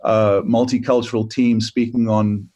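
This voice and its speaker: A man in his fifties with a South African accent, a pastor telling stories in a relaxed way with many fillers during a casual podcast interview. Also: on the low side, normal speed. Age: 50s. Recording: dull lo-fi sound.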